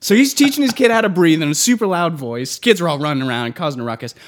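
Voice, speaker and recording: A man venting loudly in casual podcast chat, worked up and mimicking customers as he rants. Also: on the high side, fast. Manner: ranting, animated, mimics customers. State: worked up and loud. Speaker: podcast co-host.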